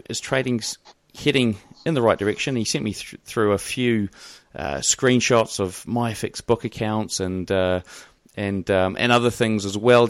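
A man's voice: mid-range voice, no echo, studio quality. A man from New Zealand with a mild New Zealand accent, hosting a podcast interview in a loose, rambling way with many fillers and restarts. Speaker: podcast host.

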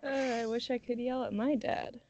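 A woman's voice: on the high side, steady tone, normal speed, a little mellow. A woman in casual chat with friends, making dry, blunt remarks. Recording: dull lo-fi sound.

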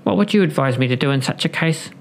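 Old cat, cast out and sorry for itself, raised pitch, gravelly, voiced by a male narrator. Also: expressive, fast talker, slight background noise. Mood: plaintive.

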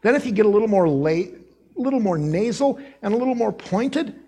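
A man with a Midwest accent preaching a sermon in a church, telling the story with lively acted-out voices and accents. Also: sits high, brisk, husky. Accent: American Midwest. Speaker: pastor. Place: church sanctuary.

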